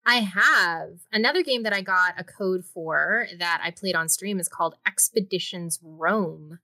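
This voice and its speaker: A woman's voice: on the low side, measured pace, bright, forceful tone, no room sound. A woman co-hosting a casual podcast about video games, talking with enthusiastic, gushing hype over a remote call. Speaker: co-host and game streamer. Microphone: remote call over Discord.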